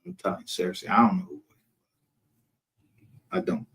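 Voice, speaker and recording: A man's voice: low voice, sing-song, quick pace, fairly bright tone. Brash, profane man. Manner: brash, profane, laughs often. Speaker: livestream host. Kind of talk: casual livestream commentary.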